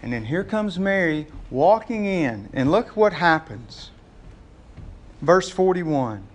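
A male pastor giving a sermon with a notably high voice. He talks to the congregation in a folksy, joking way rather than with formal oratory. His delivery stays casual and conversational. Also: sing-song, slow.

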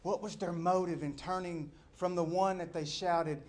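A middle-aged man, a pastor preaching a sermon with animated delivery, shouting quoted crowds and dropping to near-whispers. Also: high voice, moderate pace.

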